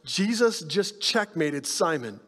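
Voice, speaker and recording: A male pastor preaching a sermon, telling stories with animated energy and dropping to hushed tones to make his point. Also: on the high side, slow, big-room sound. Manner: animated storytelling, drops to soft hushed tones for emphasis.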